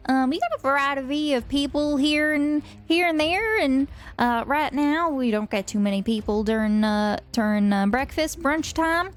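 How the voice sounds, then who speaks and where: Woman plays a middle-aged country diner waitress: bright high twang, hesitant, lots of fillers. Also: moderate pace, few pauses, lightly acted. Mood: welcoming. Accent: American country. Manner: hesitant, folksy welcome with many fillers.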